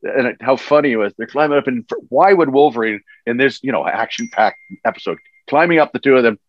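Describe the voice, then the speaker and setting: An older man telling animated stories as a guest in a casual interview. He laughs as he talks and often restarts his sentences. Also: medium pitch, a little fast. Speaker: voice actor guest. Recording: dull dry lo-fi sound.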